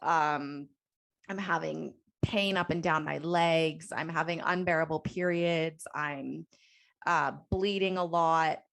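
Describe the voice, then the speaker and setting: A woman in her thirties co-hosts a podcast in casual chat, her low voice slow and fairly even in intonation, with vocal fry. She talks earnestly and emphatically, adding a touch of sarcasm.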